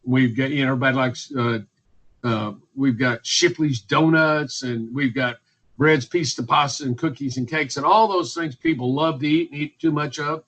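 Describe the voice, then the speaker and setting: A man's voice: medium pitch, normal speed, fairly bright tone, rough recording. A man, speaking as a physician guest in a radio interview, emphatic and repetitive, listing points one by one. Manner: emphatic, repetitive, list-making.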